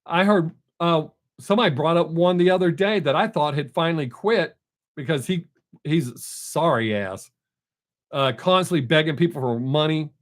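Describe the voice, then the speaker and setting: A middle-aged man talks straight to his live-stream viewers in a blunt, chatty way. His voice sits a little on the high side, and he rambles easily from one story to the next. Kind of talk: casual chat with viewers.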